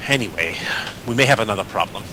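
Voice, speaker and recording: A man's voice: lowish voice, lively intonation, fast, noisy background. A man playing a tabletop game in character, often hesitant and stumbling over his words. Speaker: player.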